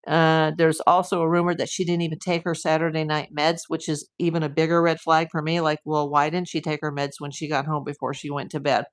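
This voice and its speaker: A woman's voice: sits low, flat delivery, fairly quick, hardly any pauses. A woman hosting a live stream as a private investigator, talking through a case with emphatic, indignant rhetorical questions. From USA.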